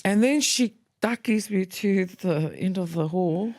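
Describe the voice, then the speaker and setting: A woman, co-hosting a podcast, telling school stories in a casual, lively way, acting out quoted voices and mixing in Tongan words. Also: mid-range voice, unhurried. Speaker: podcast co-host. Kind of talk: casual storytelling chat.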